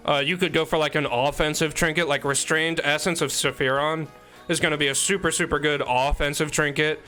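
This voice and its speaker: Young male streamer, slightly high, bright voice, rambling jokey chat. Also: steady tone, a little fast, faint music behind. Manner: joking, teasing chat, rambling asides. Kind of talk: casual live-stream chat. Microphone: desk microphone.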